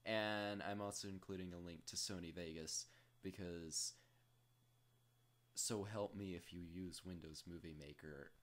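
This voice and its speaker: A man casually rambling through a software tutorial, self-deprecating and full of jokey asides. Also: low-pitched, fairly even intonation, measured pace. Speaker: tutorial host.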